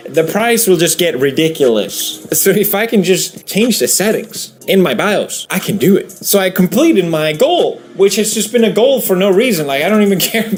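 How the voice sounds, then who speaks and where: Animated, exasperated man ranting casually. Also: sits high. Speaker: gaming video host. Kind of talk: casual commentary over gameplay.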